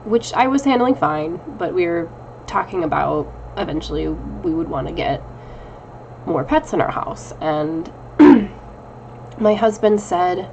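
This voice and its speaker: A woman's voice: lowish voice, very animated, unhurried, creaky, background noise. A woman in her thirties, casually talking to her viewers in a rambling, self-deprecating personal check-in, recorded at home on a camera mic. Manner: chatty, rambling, laughs often, self-deprecating. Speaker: witchcraft vlogger.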